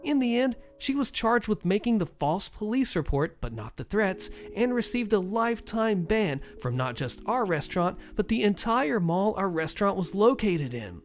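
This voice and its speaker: Gravelly animated male storyteller. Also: sits high, moderate pace, few pauses, faint music behind. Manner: animated, wry, exasperated asides. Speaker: podcast host reading stories. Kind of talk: storytelling narration with casual commentary.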